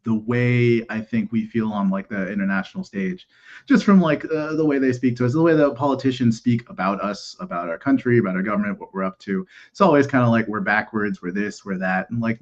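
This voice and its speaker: A man's voice: mid-range voice, darkish tone, highs cut off. A man in casual political podcast chat, opinionated and ranting, with lots of "like" and swearing.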